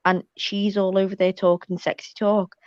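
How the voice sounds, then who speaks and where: A woman telling a story in casual chat, animated and swearing a lot. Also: mid-range voice, moderate pace, clear, resonant tone, dry recording. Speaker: panel guest. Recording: slightly muffled, dull audio.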